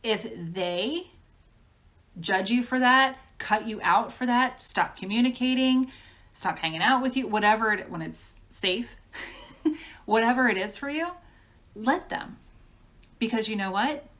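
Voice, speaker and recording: A woman's voice: fairly high pitch, unhurried, long pauses, fairly bright tone. A woman giving a casual tarot reading, talking frankly in a chatty way and laughing often. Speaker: tarot reader.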